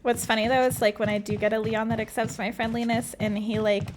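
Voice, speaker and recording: This woman's fairly high voice stays level and brisk, with a slight hiss or hum in the audio. She's playing a horror game on stream with loud music behind her, casually joking with chat and her cat and poking fun at herself.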